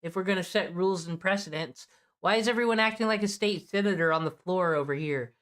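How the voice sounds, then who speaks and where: A woman's voice: fairly low pitch, quick pace, a bit bright. Lady streamer reacting, cusses a lot, blunt and opinionated, casual.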